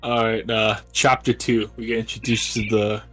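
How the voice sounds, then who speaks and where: A man's voice: on the low side, flat delivery, normal speed, a bit bright, low-quality recording. Hesitant man with music behind. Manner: hesitant, stammering restarts. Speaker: podcast co-host. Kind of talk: casual book discussion chat.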